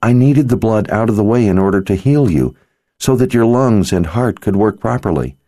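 A man's voice: lowish voice, animated, normal speed, mellow, no echo, voice pushed up. A man voicing an earnest young sorceress. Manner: earnest, pleading. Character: earnest worried young female sorceress healer.

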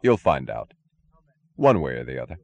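A man doing a very deep, cold commander. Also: normal speed, vocal fry, full character voice. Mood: firm. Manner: calm, hard, authoritative. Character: cold, commanding male rescuer. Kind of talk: audiobook character voice.

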